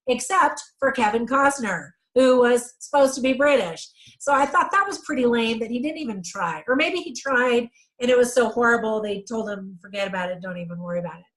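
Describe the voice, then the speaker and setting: A woman's voice: on the high side, fairly bright tone, rough recording. A middle-aged woman giving a casual movie review, chatty and full of ums, correcting herself as she goes.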